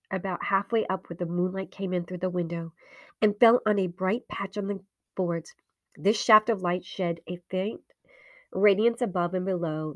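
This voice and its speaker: A woman reading a ghost story aloud in a dramatic way, dropping into whispers and slowing down for suspense. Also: mid-range voice, dry recording. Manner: hushed, drops into whispers, slows for suspense.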